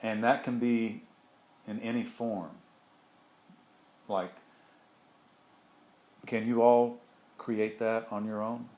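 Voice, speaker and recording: A man with a somewhat low voice leads a small group through an informal spiritual talk. He rambles in a loose, conversational way, doubling back and adding asides as he goes. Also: little pitch movement, slow pace, pauses often, a little mellow. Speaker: group leader.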